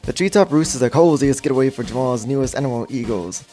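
A man's voice: medium pitch, fast, warm tone, faint music behind. A man giving casual, jokey gameplay commentary as a gaming YouTuber, rambling and easily sidetracked.

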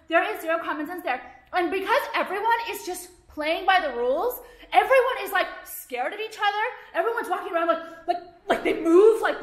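High, bright-voiced woman ranting profanely. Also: roomy sound. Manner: heated, profane, filler-heavy rant. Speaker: jewelry designer and vlogger. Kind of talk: ranting vlog monologue.

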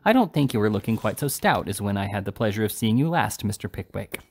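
A man reading aloud and voicing a stern male attorney who speaks loudly and then clips his sentences off low. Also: animated, quick pace. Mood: cool. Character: stern, loud-voiced male attorney, coolly affable.

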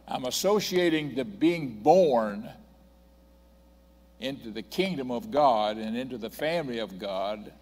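A man's voice: mid-range voice, lively intonation, a little slow, darkish tone. Older male preacher, emphatic, repeats his points, church hall reverb. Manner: emphatic, reads scripture aloud and repeats points. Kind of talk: sermon. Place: church sanctuary.

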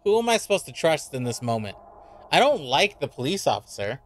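This man's voice sits a touch high for a guy. He gives loose, casual horror game commentary, reacting jumpily, swearing freely and repeating his worries aloud. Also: very animated, a little fast, a bit bright. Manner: jumpy, reactive and profane, with repeated worried remarks. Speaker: streamer.

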